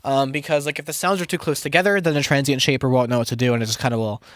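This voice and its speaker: Young guy producer rambling to his stream, cussing a lot and roasting himself, mid pitch, dry sound. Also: fairly even intonation, very fast, a bit bright, no room sound. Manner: rambling, profane and self-mocking, with many restarts. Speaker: music producer streaming to chat. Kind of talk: casual live-stream chat while producing.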